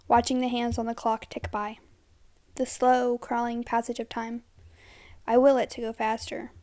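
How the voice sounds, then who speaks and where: A woman reading a first-person horror story aloud, steady and dramatic, sometimes dropping to hushed tones. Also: on the high side, dry recording.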